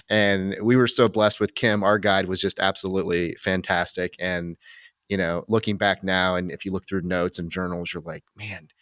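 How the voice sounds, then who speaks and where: Deep-voiced man talking reflectively. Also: steady tone, moderate pace, a bit bright, dry recording, studio quality. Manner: reflective, rambling with many restarts. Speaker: podcast host. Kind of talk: casual conversational interview.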